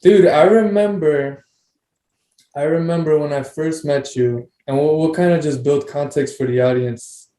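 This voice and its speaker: A man's voice: on the high side, measured pace, dark tone, echoey room. A man hosting a casual podcast chat, rambling loosely and swearing offhand. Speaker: podcast host.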